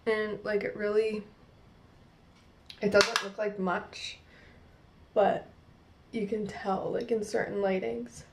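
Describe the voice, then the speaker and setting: A woman's voice: medium pitch, flat delivery, slow, vocal fry, long pauses, slight background noise. A young woman from New Jersey with a New Jersey accent, chatting casually through a makeup tutorial with lots of "like" fillers. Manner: chatty, rambling, many "like" fillers. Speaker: beauty vlogger. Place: at home in front of a mirror.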